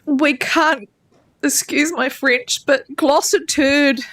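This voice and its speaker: Speaking slowly in a high-pitched, fairly bright voice with fairly even intonation, a woman regional councillor addresses a council debate from a chamber table microphone. Her speech is impassioned and blunt, with plain swearing, and she is emotional, close to tears.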